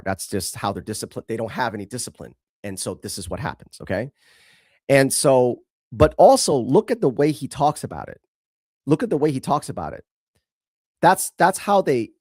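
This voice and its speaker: Emphatic male commentator, lively pitch. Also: no echo, studio quality. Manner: emphatic, repetitive, scornful. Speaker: host. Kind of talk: commentary on a video.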